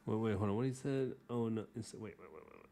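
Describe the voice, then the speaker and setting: Low-voiced man chatting while he draws. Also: fairly even intonation, a little fast. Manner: rambling, jokey and self-mocking; talks while drawing, trailing off into soft mumbles. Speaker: artist hosting a drawing livestream. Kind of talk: casual livestream drawing commentary.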